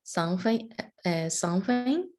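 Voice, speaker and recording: A woman's voice: medium pitch, very animated, measured pace, darkish tone. A woman student with a Brazilian Portuguese accent, carefully and hesitantly reading practice sentences aloud on a video call.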